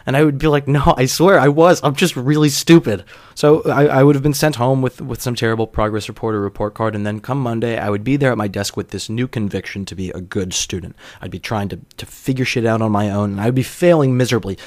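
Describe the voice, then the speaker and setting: A man's voice: fairly low pitch, fast talker, hardly any pauses, darkish tone, no echo. A young man hosting a podcast, telling a personal story in a wry, self-deprecating way with casual profanity. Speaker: podcast host.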